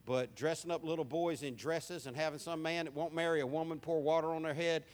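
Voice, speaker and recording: A man's voice: a little high, steady tone, a little fast. Folksy Southern preacher man. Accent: Southern American. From American South. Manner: folksy, humorous storytelling. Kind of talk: sermon.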